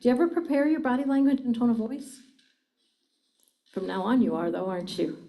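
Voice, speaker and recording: A woman's voice: on the high side, animated, a little fast, gravelly, dark tone, rough recording. A middle-aged woman presenting a communication seminar to a live audience, engaging them with frequent questions. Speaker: communication trainer.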